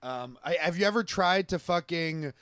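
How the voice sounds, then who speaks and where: A man's voice: fairly high pitch, moderate pace, a bit bright, clear, resonant tone, dry recording, clean studio sound. Man laughing through a casual podcast recap. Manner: laughs often, swears casually. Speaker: podcast co-host. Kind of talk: casual chat recapping wrestling.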